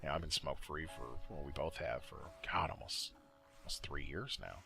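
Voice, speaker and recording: A man's voice: very deep voice, brisk, creaky, pushed and bright, faint music behind. A man recording casual voice-over commentary for a gameplay video, rambling and swearing, with many fillers and self-corrections. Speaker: gaming video creator. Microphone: desktop mic, voice-over recording.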